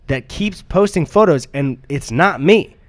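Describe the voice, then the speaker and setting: A man's voice: a little high, animated, a little slow. A young man co-hosting a podcast in casual chat, rambling through stories with frequent laughs and swearing. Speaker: podcast co-host.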